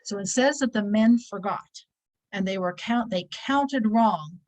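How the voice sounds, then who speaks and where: A woman's voice: mid-range voice, unhurried, darkish tone, low-quality recording. A woman teaching a conversational weekly religious lesson to women, repeating key phrases and acting out little quoted voices.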